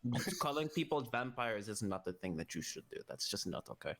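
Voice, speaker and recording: A man's voice: lowish voice, very animated, fairly quick, creaky, a bit bright. A man playing a tabletop game, joking and laughing with the group. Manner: playful, laughing. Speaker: player. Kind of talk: casual tabletop banter.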